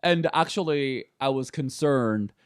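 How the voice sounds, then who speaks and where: A man in his thirties talking candidly as a podcast guest, animated and often laughing. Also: medium pitch, a little slow, clear, resonant tone, no echo, clean studio sound. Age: 30s. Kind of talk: casual conversation.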